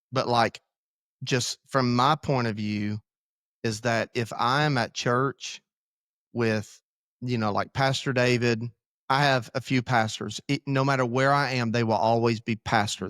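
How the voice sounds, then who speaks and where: A man's voice: medium pitch, fairly even intonation, unhurried, fairly bright tone, no room sound, studio quality. A man, a pastor, talking candidly in a casual podcast conversation, rambling and joking about himself. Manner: candid, rambling, self-deprecating. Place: church podcast room.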